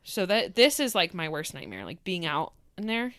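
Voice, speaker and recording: Woman, podcast co-host, casual chat, bubbly, laughs often, lively swooping pitch, dry close sound. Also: normal speed, no echo.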